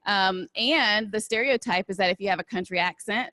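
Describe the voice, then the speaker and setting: Briskly and with few pauses, a Southern-accented woman addresses an audience during a live talk and Q&A on diversity and inclusion. Her middle-pitched voice is dry and close, with no room sound. She's conversational, frequently tossing in "right?" to check on listeners.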